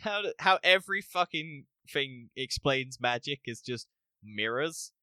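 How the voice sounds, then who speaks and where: Dude on a podcast recapping a show, bright crisp voice, dry close mic, acts out the scenes. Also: male voice, medium pitch, a little slow, dry recording. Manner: animated, acts out scenes, laughs often, swears. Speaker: podcast co-host. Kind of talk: casual spoiler review chat.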